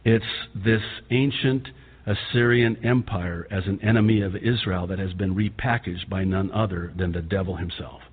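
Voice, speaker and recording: A Lebanese-born man whose first language is Arabic, preaching a fervent sermon that swings between loud outbursts and quiet asides. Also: low voice, steady tone, moderate pace, slightly rough. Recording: tinny phone-like sound with long hall reverb.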